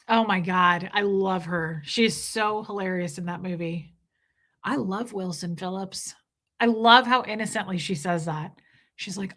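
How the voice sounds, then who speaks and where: A woman's voice: mid-range voice, a little slow, fairly bright tone. A woman hosting a livestream, chatting casually with viewers, reading their comments and gushing over favorite films. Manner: gushing and exclamatory, quoting film lines. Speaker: livestream host.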